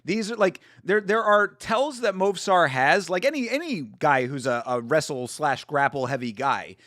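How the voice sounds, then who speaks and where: Animated man with a lively voice. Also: on the high side, normal speed, no room sound, clean studio sound. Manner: rambling, with frequent restarts and swearing. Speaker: watch-along livestream host. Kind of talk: casual livestream commentary.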